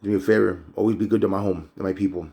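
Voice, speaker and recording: A man's voice: sits low, steady tone, very fast, vocal fry, dark tone, pitched below the performer's own voice. A man voicing a loyal young warrior prince who talks in easygoing slang. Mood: earnest. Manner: laid-back slang, pleading.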